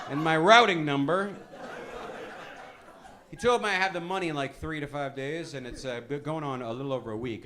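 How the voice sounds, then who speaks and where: This is a lively male comedian performing stand-up at a club, his deadpan, rambling delivery marked by lively swings in pitch. Audience laughter and crowd noise come through in the live recording.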